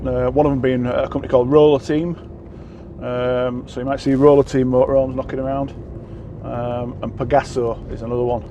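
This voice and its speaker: Rambling English truck driver, mellow voice. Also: male voice, mid-range voice, flat delivery, fairly quick, lo-fi sound, a little hiss or hum. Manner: rambling, self-deprecating, many fillers and restarts. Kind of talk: casual vlog chat. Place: truck cab, on the road.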